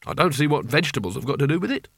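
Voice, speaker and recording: A man's voice: medium pitch, sing-song, racing, a bit bright, husky, no room sound, studio quality, exaggerated voice. A man voicing a nervous, cowardly male wizard who talks in a defensive, whiny way.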